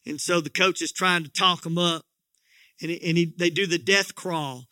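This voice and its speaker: A man's voice: fairly high pitch, fairly even intonation, normal speed, pushed and bright, dry recording, clean studio sound. A middle-aged man preaching a sermon as pastor, telling a story in a folksy, joking way with many restarts.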